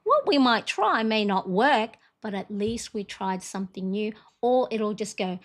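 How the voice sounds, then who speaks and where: A woman's voice: medium pitch, lively intonation, a little slow, hardly any pauses. A middle-aged woman hosting a casual live stream, talking in a rambling, encouraging way with lots of fillers. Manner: chatty, rambling, warm encouragement with frequent fillers. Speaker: livestream host.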